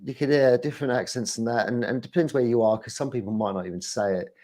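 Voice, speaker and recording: A man in casual chat, rambling and animated, often laughing between his thoughts. His voice sits at an ordinary middle pitch for a man. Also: quick pace. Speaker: guest.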